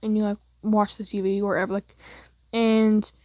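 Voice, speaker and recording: A woman's voice: medium pitch, little pitch movement, normal speed, mellow, no echo, muffled recording. A young woman telling a second-person fan story in a casual, rambling way, filling her speech with "like". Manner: casual, rambling, heavy use of "like".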